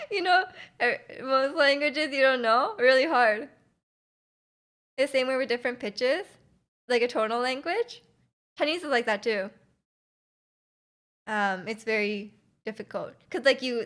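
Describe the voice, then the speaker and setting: A woman's voice: a little high, a bit bright. A woman streamer chatting casually with her livestream chat, giggling often and reacting to messages.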